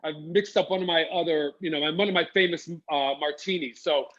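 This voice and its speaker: A man's voice: a little high, fairly even intonation, a little fast, a bit bright, highs cut off, slight background noise. A man hosting a casual live chat, playful and camp, putting on a mock-posh accent. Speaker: host.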